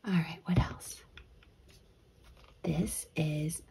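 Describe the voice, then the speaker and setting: A young woman teaching a children's letter lesson, gentle and drawn-out, sometimes dropping into a whisper. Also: on the low side, lively intonation, slightly rough. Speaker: kids' teacher.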